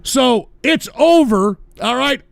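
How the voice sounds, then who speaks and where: A man hosting a livestream, delivering a profane, sarcastic political rant that often breaks into shouting. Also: very high voice, animated, slow, vocal fry, no echo, clean studio sound. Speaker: livestream host.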